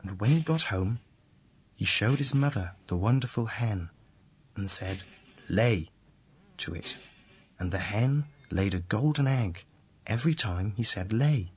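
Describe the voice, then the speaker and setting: A man reading a fairy tale aloud, slow and deliberate. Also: on the low side, lively intonation, darkish tone, slight background noise. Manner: slow, deliberate, repetitive storytelling. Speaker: storyteller.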